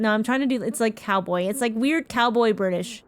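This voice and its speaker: A woman's voice: a little high, a little fast, few pauses. A woman streamer giving playful, self-mocking commentary while playing a game. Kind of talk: casual gameplay commentary.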